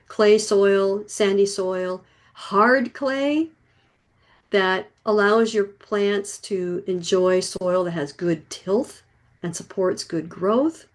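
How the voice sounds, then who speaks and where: A middle-aged woman teaching an online gardening class, explaining in a chatty, folksy way with homely comparisons. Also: medium pitch.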